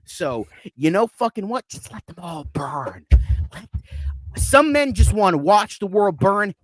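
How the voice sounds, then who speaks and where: A man's voice: high voice, sing-song, unhurried, dry recording. Man in a furious, profane rant. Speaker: movie reviewer. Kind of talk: live online panel talk.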